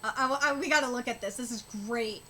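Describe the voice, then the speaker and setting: A woman streaming a live manga reaction, reading aloud and talking excitably, swearing and stammering as she goes. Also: on the high side, fast. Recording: steady background noise.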